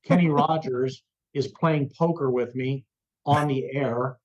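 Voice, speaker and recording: A man's voice: mid-range voice, unhurried. Older man telling radio stories, lo-fi. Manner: animated anecdote telling, acts out quoted voices. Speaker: radio host, interview guest. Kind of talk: storytelling in an interview.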